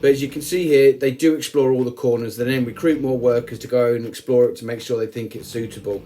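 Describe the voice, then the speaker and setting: A man's voice: mid-range voice, fairly even intonation, fast, dark tone, faint music behind. A man hosting his ant-keeping channel, giving a chatty, joking voice-over with frequent asides. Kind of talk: casual voice-over narration.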